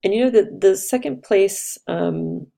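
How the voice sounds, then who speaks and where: A woman's voice: medium pitch, unhurried, vocal fry, dark tone. A woman astrologer giving a casual, chatty talk, reflective and loose, with fillers and restarts.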